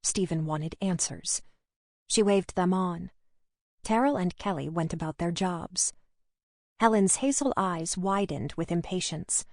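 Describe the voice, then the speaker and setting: A woman narrating a crime novel audiobook in a steady, even storytelling manner. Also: fairly low pitch, a little slow, dry recording, studio quality. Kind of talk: scripted narration.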